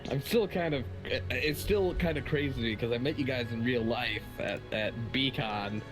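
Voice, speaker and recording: A man's voice: medium pitch, moderate pace, rough recording. A man chatting on a live game stream, cracking jokes and poking fun at himself. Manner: jokey, self-mocking banter. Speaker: player. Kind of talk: casual chat on a live stream. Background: background game music.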